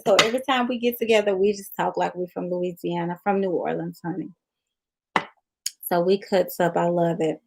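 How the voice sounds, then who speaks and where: A woman's voice: fairly low pitch, steady tone, normal speed, vocal fry, a little mellow. A middle-aged woman with a Southern Memphis drawl, chatting casually with viewers on a live tarot stream and reading their comments aloud. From Southern United States. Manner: folksy, reads viewer comments aloud and addresses them as y'all and honey. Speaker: tarot reader on a livestream. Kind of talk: casual livestream chat with viewers.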